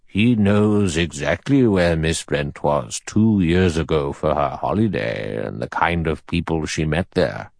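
A man voicing an elderly male judge in an audiobook, cold, precise and measured in delivery. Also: very deep voice, vocal fry, no echo, clean studio sound, heavily acted. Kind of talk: audiobook character reading.

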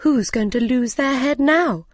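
Woman doing alice, bright curious little girl, kinda blunt, slow storybook lines. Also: sits high, dry recording, studio quality, voice pushed up. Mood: plucky.

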